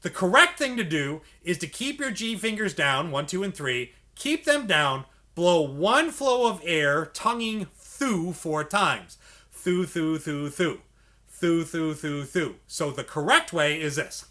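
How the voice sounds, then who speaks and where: A man's voice: high-pitched, sing-song, a little slow, hardly any pauses, pushed and bright. A man teaching beginner saxophone, explaining each step patiently and repeating key points. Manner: patient, repetitive step-by-step coaching.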